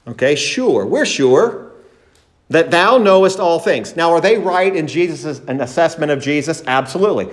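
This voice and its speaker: A man's voice: a little high, animated, moderate pace. A man preaching a sermon as pastor, emphatic, acting out the disciples' words in a raised voice.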